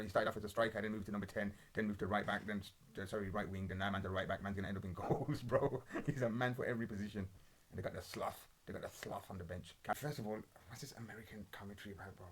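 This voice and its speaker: A man's voice: low-pitched, fairly even intonation, quick pace, slightly rough. A young man hosting a casual football podcast and reacting to match footage in blunt, rambling, sweary banter full of street slang. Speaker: podcast host. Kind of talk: casual football watch-along commentary.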